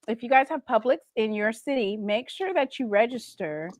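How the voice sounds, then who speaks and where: A woman's voice: a little high, expressive, normal speed, dry recording, clean studio sound. A woman, hosting a casual livestream chat and playfully reading viewer comments. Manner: chatty, playful, reads viewer comments aloud. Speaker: livestream host.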